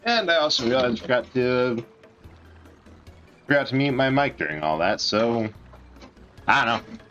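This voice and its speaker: A man's voice: medium pitch, expressive, normal speed, fairly bright tone. Laid-back rambling male game streamer. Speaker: let's play streamer. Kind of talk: casual gameplay commentary. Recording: dull lo-fi mic with faint game music.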